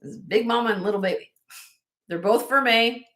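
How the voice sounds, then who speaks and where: A woman's voice: on the high side, brisk, a bit bright. A woman hosting a casual live-stream jewelry sale, chatty and self-correcting, laughing often as she shows pieces to viewers.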